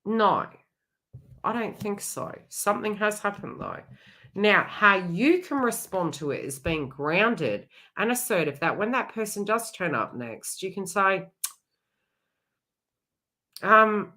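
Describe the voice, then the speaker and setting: A middle-aged woman hosts a live psychic reading, chatting bluntly and frankly with a bit of mild swearing. Her voice is medium in pitch, bright and pushed, with lively intonation and a slow pace.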